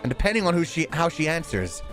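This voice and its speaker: A man's voice: fairly high pitch, very animated, quick pace, a bit bright, faint music behind, pitched above the performer's own voice. A man voicing a jealous, frantic nobleman, reading visual novel lines in an agitated, rising voice. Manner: agitated, pleading, raised voice. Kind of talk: visual novel dialogue read aloud.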